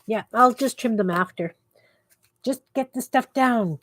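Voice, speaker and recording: Her voice is fairly high, unhurried and fairly bright, recorded with no room sound. A middle-aged woman running a craft livestream from her basement, she chats with viewers and talks to herself under her breath while working.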